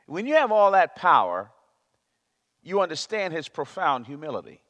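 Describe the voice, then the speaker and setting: A man's voice: on the high side, big pitch swings, normal speed, fairly bright tone. A man preaching a sermon, emphatic and prone to repeating himself as he searches for words. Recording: long reverb of a large hall.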